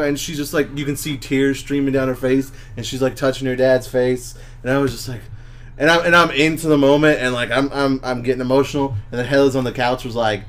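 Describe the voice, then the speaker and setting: A man co-hosting a casual podcast chat, telling stories excitedly with lots of fillers and restarts. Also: medium pitch, fast. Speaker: podcast co-host.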